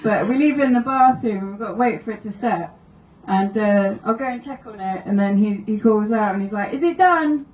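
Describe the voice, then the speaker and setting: A woman's voice: medium pitch, fairly even intonation, brisk, few pauses, a little mellow, reverberant, far from the mic, slight background noise, rough recording. A woman doing stand-up, telling wry anecdotes and laughing through her stories at a live comedy venue. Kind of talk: stand-up storytelling.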